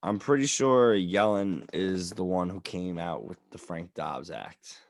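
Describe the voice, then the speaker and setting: Low-voiced slangy man chatting. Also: unhurried, vocal fry. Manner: slangy, relaxed, opinionated. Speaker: podcast co-host. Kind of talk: casual economics chat.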